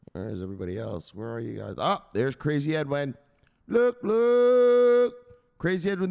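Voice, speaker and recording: Gravelly-voiced man joking casually. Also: medium pitch. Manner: joking, profane, rambling. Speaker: crypto news host. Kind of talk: casual livestream chat.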